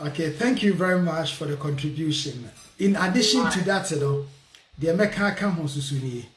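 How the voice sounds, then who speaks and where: A man hosting a casual radio talk show, switching between Twi and English, lively and often laughing. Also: on the high side, brisk, reverberant, slight background noise.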